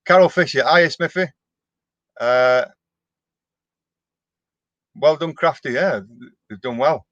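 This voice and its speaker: Speaking slowly in a somewhat high, slightly bright voice, a middle-aged man answers viewer comments on his live stream. He's a down-to-earth vlogger who restarts a lot as he chats. The audio is muffled and has no room sound.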